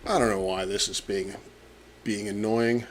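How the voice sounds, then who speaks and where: A man and astronomy professor narrating his data work on a live stream, muttering and halting with many fillers, his words muffled by a pen in his mouth. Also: lowish voice, fairly even intonation, slight background noise. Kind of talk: casual live-stream narration while working.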